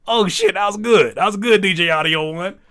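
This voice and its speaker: A man's voice: high-pitched, fairly quick, sharp tone, no room sound. A man hosting a live music feedback stream, mocking submissions and critiquing beats with profane, playful jokes and wordplay. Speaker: music reviewer and livestream host.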